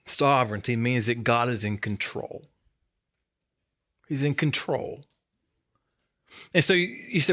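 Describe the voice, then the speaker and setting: A man's voice: medium pitch, expressive, a little slow, long pauses, a bit bright. A man giving a sermon as a church's student ministry coordinator, conversational and emphatic, repeating key lines and adding light humor.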